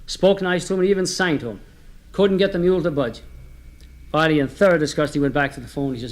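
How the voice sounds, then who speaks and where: A man with a fairly high voice spins homespun jokes for a comedy record. His telling is chatty and easygoing, and he turns often to his listeners as he goes. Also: quick pace. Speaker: comedy storyteller.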